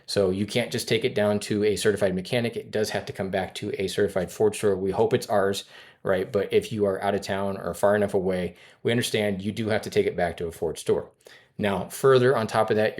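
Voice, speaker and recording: A man giving a sales training talk in a brisk coaching manner, acting out lines he would say to a customer. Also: on the low side, darkish tone. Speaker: finance and insurance sales trainer.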